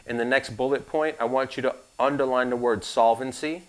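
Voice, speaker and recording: A man leads a live insurance licensing class in a relaxed, conversational manner. His voice sits in an ordinary middle pitch, and he mixes instructions with frank personal asides. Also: a little fast, rough recording.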